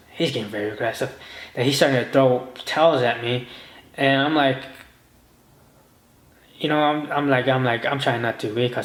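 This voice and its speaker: A man's voice: on the high side, fairly bright tone. Rambling man telling a story, echoey room. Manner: rambling, full of restarts and quoted inner speech. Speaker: podcast host. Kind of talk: rambling personal monologue.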